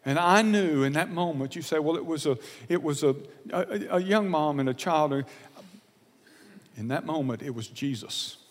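A man preaching a sermon, telling a personal story in an earnest, confessional way, often halting and repeating words. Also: a little high, expressive, in a large hall.

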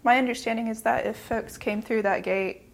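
Female oral-history interviewer, monotone with some fry, plain follow-up questions. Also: a little high, normal speed, a little hiss or hum.

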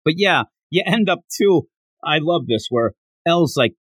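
A man co-hosting a casual podcast discussion, breaking into quick acted-out character lines as he talks. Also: on the high side, no echo. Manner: animated, acts out characters' lines in quick bursts. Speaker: podcast co-host.

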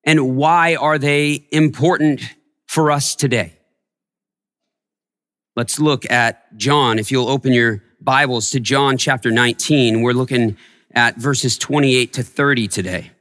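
A man preaching a sermon as a pastor, telling a personal story and growing hushed in its tender parts. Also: mid-range voice, measured pace, long reverb tail. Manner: storytelling, softening to a hush in tender moments. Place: church sanctuary.

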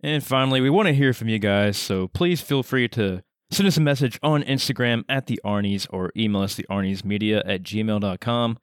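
A man co-hosting a podcast, reading out the show's contact details in a relaxed way. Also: on the low side, brisk, hardly any pauses, clear, resonant tone, no echo, clean studio sound. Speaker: podcast co-host. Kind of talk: casual podcast chat.

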